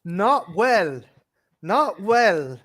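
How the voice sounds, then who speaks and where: A man's voice: high-pitched, big pitch swings, extremely slow, fairly bright tone. An Irish man co-hosting a casual chat show. He rambles, swears freely and laughs in the middle of his sentences. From Ireland. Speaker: co-host.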